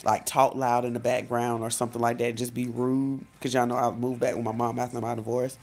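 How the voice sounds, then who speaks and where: A woman life coach talking straight to her viewers in a casual vlog, chatty and animated, often saying "literally" and "y'all". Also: rumbling low, fairly quick. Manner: frequent "literally" and self-corrections.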